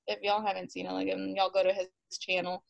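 Her medium-pitched, gravelly voice moves fairly quickly as she shares her story on an interview podcast. Animated and laughing frequently, she acts out quotes and uses many "like" fillers, captured in dry, dull audio.

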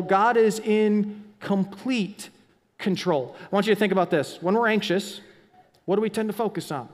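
High-voiced preacher in a reverberant hall. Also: male voice, lively intonation, moderate pace. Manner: dynamic preacher, drops to whispers and rises to near-shouts. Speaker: pastor. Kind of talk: sermon.

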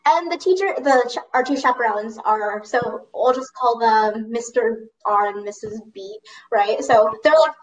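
Chatty high-voiced teen girl, slightly off-mic. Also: measured pace, recorded from a distance, low-quality recording. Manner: animated, lots of "like", laughs mid-story. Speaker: storyteller recounting a school trip. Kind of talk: casual storytelling chat.

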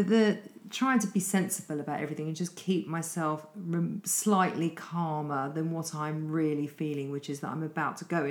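A woman's voice: low-pitched, reverberant. A middle-aged British woman, a coach, telling a long story in a rambling, self-deprecating way. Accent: British English. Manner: rambling, breathless retelling with self-deprecating asides. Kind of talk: casual storytelling monologue.

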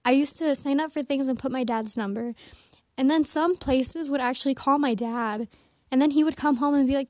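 A high-voiced teenage girl rambles casually with giggly asides, a little winded. She talks from under a blanket, so the sound is close and dead dry. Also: a little fast, a little mellow, dry recording. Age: teens. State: slightly out of breath.

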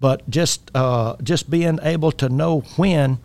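A man's voice: a little high, takes it slowly, darkish tone, dry recording. A man talking as a life coach about faith and personal responsibility, earnest and exhorting. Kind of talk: faith-based coaching talk.

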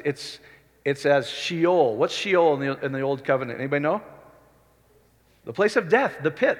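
A male pastor preaching a sermon in a conversational way, often rising to excited emphasis. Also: a little high, long reverb tail.

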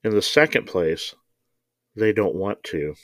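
A man's voice: on the low side, lively intonation, unhurried, no echo. A man voicing a condescending male scientist in an audiobook reading. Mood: scornful. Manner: dismissive, condescending. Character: smug scornful male scientist.

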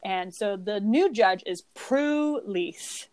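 A young woman co-hosting a podcast, chatting in a wry, casual way and reading passages aloud quickly. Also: medium pitch, expressive, darkish tone, no room sound. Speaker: podcast co-host. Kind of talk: casual chat.

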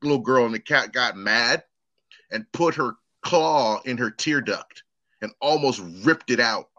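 A man's voice: mid-range voice, measured pace, lo-fi sound. A man co-hosting a podcast, telling a family story in casual chat and acting out the people in it. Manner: animated storyteller, acts out quoted people. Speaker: podcast co-host.

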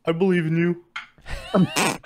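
A man's voice: a little high, level tone, unhurried. A man playing a tabletop game who talks in a laid-back, chuckling way. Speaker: player. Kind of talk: casual tabletop play.

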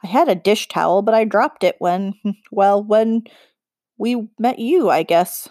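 A woman's voice: medium pitch, a little slow, darkish tone, no room sound, studio quality, natural voice. A woman voicing a nervous, earnest young boy who talks hesitantly.

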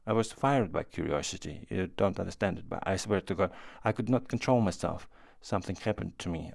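A tearful young woman in a classic story who pleads and accuses herself, read aloud by a man. The voice is low and gravelly. It sits close and dry, with no room sound. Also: darkish tone, no room sound. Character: remorseful young woman, tearful and self-reproaching.

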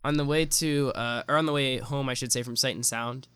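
Young male podcast host, rambling teasing banter, sharp bright tone, dry close sound. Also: medium pitch, fairly even intonation, fairly quick, smooth, dry recording. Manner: playful teasing, rambling with restarts. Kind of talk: casual podcast chat.

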